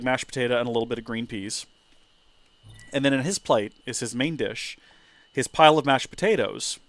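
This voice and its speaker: A man in his 30s streams a game as a let's play creator, offering casual gameplay commentary and stories. He's animated and leaps into high, exclaiming voices when excited, and the recording is dry.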